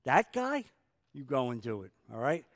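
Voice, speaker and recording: A man voicing a reluctant disciple who scoffs at a command, quiet and dismissive. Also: mid-range voice, very animated, normal speed, no room sound, studio quality, pitched below the performer's own voice, lightly acted. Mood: incredulous.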